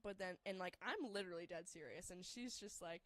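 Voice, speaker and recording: A woman's voice: fairly low pitch, a little fast, a bit bright, no echo. A young woman telling a story casually, rambling and filling her talk with "like". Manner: rambling, heavy use of "like", laughs through the story.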